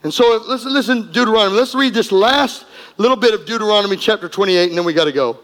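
A man preaches as pastor in a church sanctuary, the recording carrying a long hall reverb. He talks fast in a high-pitched, somewhat bright voice, repeating himself emphatically and drawing call-and-response from the congregation.

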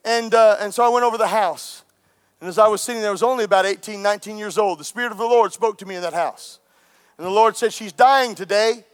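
A male pastor preaching a sermon in a church, moving between fervent, emphatic lines and quiet, pleading appeals to his congregation. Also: sits high. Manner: impassioned preaching, swings from shouting to hushed pleading.

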